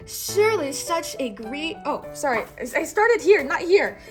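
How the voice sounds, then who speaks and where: A woman teacher reading a storybook aloud to a child, pausing to have the child repeat words. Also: sits high, big pitch swings, music in the background.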